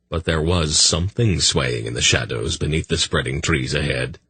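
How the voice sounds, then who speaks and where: A man narrating a fantasy audiobook in a measured, steady storytelling manner. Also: rumbling low, slightly rough, no room sound.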